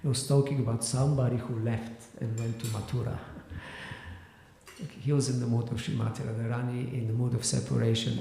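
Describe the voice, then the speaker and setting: Male lecturer, scripture class, gravelly mellow voice, halting delivery, booming echoey hall. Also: level tone, a little hiss or hum. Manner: explanatory, halting with fillers and restarts. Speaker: spiritual teacher. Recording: echoey hall with long reverb.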